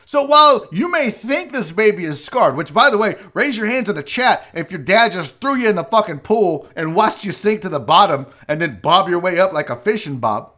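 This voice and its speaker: A man's voice: high-pitched, expressive, moderate pace, hardly any pauses, pushed and bright. A man hosting a casual live-stream show, ranting with profanity while a bit tipsy from drinking. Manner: profane, rambling rants. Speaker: show host.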